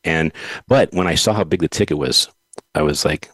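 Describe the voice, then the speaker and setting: A man with a bass voice, slightly bright in tone, talks fast as he hosts a podcast without echo. He chats casually, telling rambling stories and laughing often.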